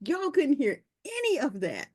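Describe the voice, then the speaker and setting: A woman joining a casual group video call, telling a story in an expressive, animated way. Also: high-pitched, a little slow. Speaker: call participant. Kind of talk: casual chat.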